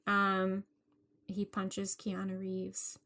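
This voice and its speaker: A woman's voice: medium pitch, completely flat delivery, extremely slow, bright, forceful tone. A young woman co-hosting a podcast, chatting casually and filling her talk with "like". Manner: chatty, lots of "like" fillers. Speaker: podcast co-host. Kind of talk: casual chat.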